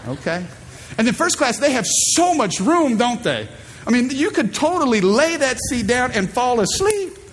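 A man's voice: very high-pitched, very animated, normal speed, slightly rough. A man in his thirties preaching a sermon from a church stage, emphatic and calling out to the congregation. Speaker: pastor. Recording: long hall reverb, faint ambience.

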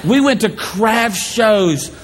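A man preaching a sermon, telling playful stories and acting out shouted voices. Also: high voice, slow, long reverb tail, crowd noise, background noise. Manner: animated, playful storytelling with shouted impressions. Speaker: pastor.

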